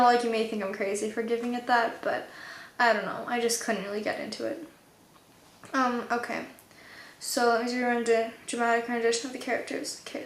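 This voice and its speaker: A woman's voice: fairly high pitch, slight background noise. A woman giving a casual book review, rambling and offhand, full of fillers. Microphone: low-budget camera mic. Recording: echoey room.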